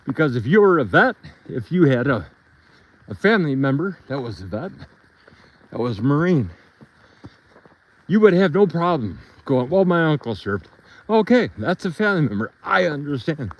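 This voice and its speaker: Rambling man with a lively voice. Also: medium pitch, poor audio. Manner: rambling, talks to viewers and his dogs. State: a bit out of breath from hiking. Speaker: live streamer walking his dogs. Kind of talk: casual storytelling while walking. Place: outdoors on a trail by a river.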